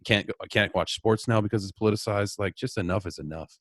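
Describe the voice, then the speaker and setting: Low-voiced laid-back man. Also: fast, fairly bright tone, no echo, clean studio sound. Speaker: podcast co-host. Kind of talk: casual chat.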